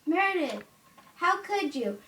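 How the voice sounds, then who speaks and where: A woman's voice: high-pitched, normal speed, echoey room, distant mic, a little hiss or hum. A woman voicing a stern royal mother who scolds her daughter, in toy play-acting. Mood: scolding.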